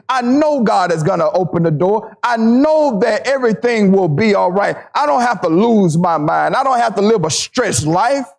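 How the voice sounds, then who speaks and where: A man with a very high voice preaches a sermon. He repeats his points for emphasis and slows down to draw out each line of scripture. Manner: emphatic, repeating phrases, slowing down to stress scripture.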